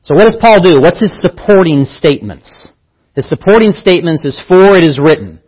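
A man's voice: a little high, expressive, fairly quick, breathy edge, dull audio. A man preaching a sermon as pastor, teaching earnestly and repeating key phrases for emphasis.

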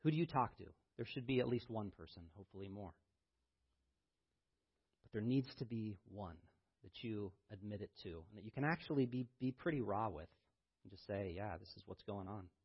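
A man preaching a sermon as pastor, reading scripture with rising intensity and then talking in a low, quiet voice. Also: lively intonation, moderate pace, long pauses, breathy edge, highs cut off.

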